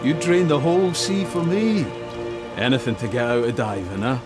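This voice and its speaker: An actor playing a loving father who reassures his daughter softly. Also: mid-range voice, moderate pace, lightly acted. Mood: tender. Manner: soft, reassuring. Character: gentle, loving Scottish father of a diver. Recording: game music and rain behind.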